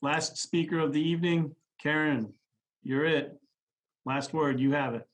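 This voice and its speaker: A man chairing a board meeting, calling up speakers in a calm, polite way. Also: on the high side, a little slow, low-quality recording.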